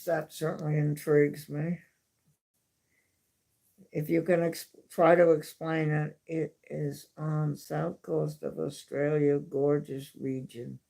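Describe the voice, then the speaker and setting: A woman's voice: low voice, flat delivery, takes it slowly, vocal fry, mellow. A woman hosting a livestream from home, telling stories in a chatty, casual way and repeating herself for emphasis. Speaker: livestream host. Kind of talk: casual storytelling.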